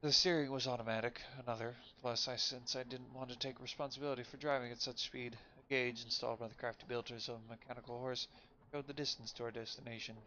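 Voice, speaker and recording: A man reading a story game aloud for a stream, reading quickly and often stumbling and correcting himself. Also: mid-range voice, little pitch movement, pushed and bright. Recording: lo-fi with faint noise.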